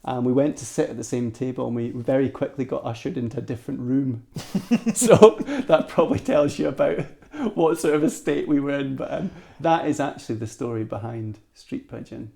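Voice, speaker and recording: A man with a Scottish accent, a podcast guest telling a story in a casual, animated way with frequent restarts. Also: medium pitch, normal speed, gravelly, few pauses. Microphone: cheap microphone.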